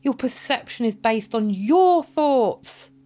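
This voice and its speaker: A woman's voice: a little high, lively intonation, slow pace, warm tone, a little hiss or hum. A woman speaking a bitter, confrontational, profane monologue straight to camera, addressing an absent person. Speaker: vlogger. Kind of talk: emotional direct-to-camera monologue.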